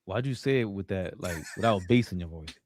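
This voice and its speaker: Lively New man, joking banter. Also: low-pitched, fairly quick, slight background noise. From New York (Queens). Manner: animated, joking, acts out quoted friends. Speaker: podcast co-host. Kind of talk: casual podcast chat.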